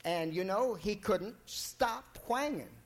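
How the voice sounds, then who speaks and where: A man telling a folk tale in a drawling, folksy, relaxed way. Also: high-pitched, takes it slowly, a little hiss or hum. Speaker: storyteller.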